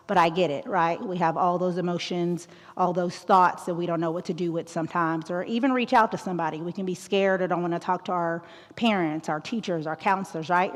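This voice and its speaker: A woman in her thirties giving a school talk as a guest presenter, outgoing and joking, often checking in with "right?". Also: lowish voice. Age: 30s. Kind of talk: school talk on mental health. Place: large auditorium. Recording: long echo of an auditorium.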